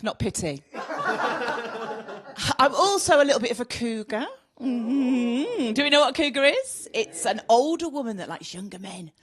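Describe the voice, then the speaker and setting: A middle-aged woman from Birmingham with a Birmingham accent, doing a bawdy stand-up routine. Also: fairly high pitch. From Birmingham, England. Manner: bawdy, brash. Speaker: stand-up comedian. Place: comedy club stage.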